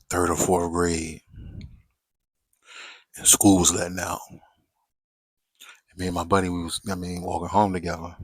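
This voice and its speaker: Low-voiced slangy man. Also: flat delivery, normal speed, long pauses, dry recording. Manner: slangy, chatty, repeats "right?" and "you know". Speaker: storyteller. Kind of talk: casual storytelling to viewers.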